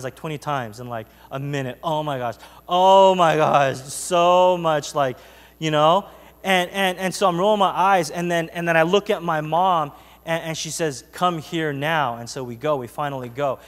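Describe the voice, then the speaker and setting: Animated male pastor in a reverberant hall. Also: medium pitch. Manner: animated storytelling with frequent "right?" asides. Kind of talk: sermon. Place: church sanctuary.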